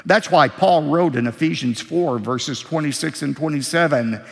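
A man preaching a sermon as pastor, emphatic, climbing high to stress points and dropping low and quiet for asides, in a large church. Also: moderate pace, creaky, few pauses, long reverb tail.

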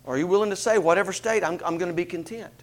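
A man preaching a sermon, asking rhetorical questions in an animated delivery. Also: sits high, rapid-fire.

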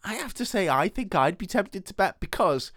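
A man's voice: sits high, sing-song, fairly bright tone, no echo, clean studio sound. Swearing man recapping a film. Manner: swearing, laughing, retells scenes with quick put-on quotes. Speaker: podcast co-host. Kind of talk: casual film-recap chat.

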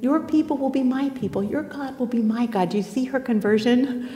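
A woman giving an earnest, expressive sermon on a Bible passage, retelling and explaining the story. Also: sits high, a little fast, slight background noise. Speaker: Bible teacher. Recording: echoey hall.

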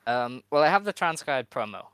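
A man talking casually and earnestly on a podcast, pausing with frequent ums. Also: medium pitch, big pitch swings, fairly bright tone, smooth, dry recording, low-quality recording. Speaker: wrestling podcast panelist.

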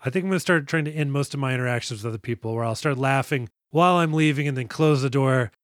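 A man's voice: medium pitch, quick pace, no room sound, clean studio sound. A man co-hosting a movie podcast, recapping scenes with sarcastic, profane jokes in a casual chat. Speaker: podcast co-host.

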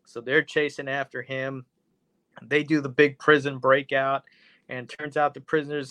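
A man's voice: medium pitch, fairly even intonation, normal speed, fairly bright tone, no echo. A man co-hosting a podcast, telling a story loosely and profanely, with many fillers. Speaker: podcast co-host. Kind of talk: casual comedic chat.

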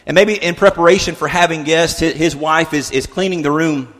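A man's voice: on the high side, fairly even intonation, a little fast, fairly bright tone, big-room sound. A man in his thirties preaching a sermon, telling a story in an earnest way with many restarts. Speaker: pastor.

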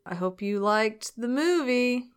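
A woman's voice: on the high side, expressive, slow. A woman co-hosting a podcast, recapping a movie in casual chat, swearing freely and laughing often. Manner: profane, punchy, laughs often. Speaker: podcast co-host.

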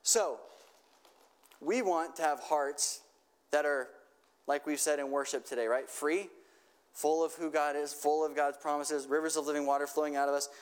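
A man's voice: a little high, steady tone, normal speed, clean tone. A man preaching a sermon in a conversational way, checking in with his listeners and leading them in a prayer. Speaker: pastor.

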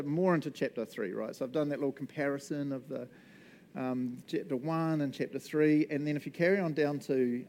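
Casual NZ preacher, male, animated and jokey, warm mellow tone. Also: on the high side. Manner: animated, laughing, acts out voices. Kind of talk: casual sermon.

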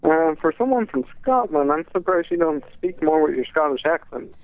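A man's voice: fairly high pitch, lively intonation, normal speed. A man phoning in to a radio show, chatty and a bit hesitant. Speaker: caller. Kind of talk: phone call to radio show. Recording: tinny phone line.

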